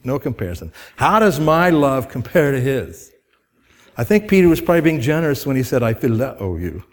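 A man's voice: on the high side, lively intonation. Conversational, emphatic male pastor preaching. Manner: conversational preaching with rhetorical questions to the congregation; grows emphatic and quickens when stirred. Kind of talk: sermon.

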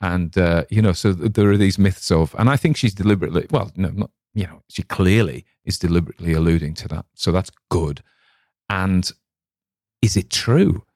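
Low-voiced rambling northern English man. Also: moderate pace, darkish tone, dry recording, clean studio sound. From north of England. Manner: rambling, chatty, with many restarts and asides. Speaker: podcast host and story reader. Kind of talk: casual chat about a story.

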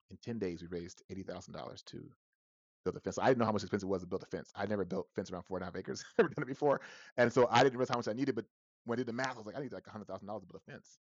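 A man guest on a podcast interview, telling a personal story with lively quoted voices and frequent restarts. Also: fairly low pitch, slightly rough, dry recording, muffled recording. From Southern California.

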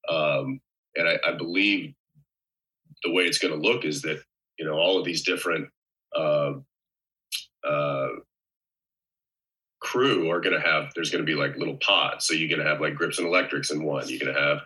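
A man with a very deep voice that still rings bright and forward, chatting casually as an actor on a podcast. He meanders through his points with a dry, wry humor. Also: steady tone, normal speed, long pauses, poor audio.

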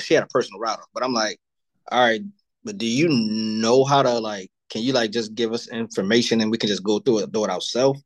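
A man's voice: lowish voice, fairly quick. A man on a podcast, telling stories in a laid-back, profane, casual way. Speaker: podcast co-host. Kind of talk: casual chat.

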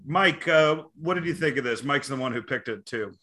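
A man's voice: mid-range voice, animated, moderate pace, sharp tone. A man hosting a podcast who speaks hesitantly, stumbling and repeating words before passing the question on. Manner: hesitant, stammering. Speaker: podcast host. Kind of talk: casual podcast chat.

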